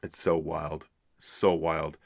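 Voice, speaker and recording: A man co-hosting a movie podcast, chatting casually and excitably with frequent laughs. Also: very deep voice, takes it slowly, vocal fry, no echo, clean studio sound. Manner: excitable, laughs often, trails off. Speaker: podcast co-host. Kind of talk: casual chat.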